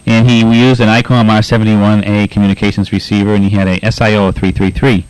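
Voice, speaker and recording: A low-voiced man with a Boston accent hosts a pirate radio show, reading listener letters in a loose, chatty way. He stumbles through with many uhs and laughs easily. The sound is close and dry. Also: flat delivery, fast, darkish tone, smooth, dry recording, rough recording. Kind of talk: casual on-air chat reading listener letters.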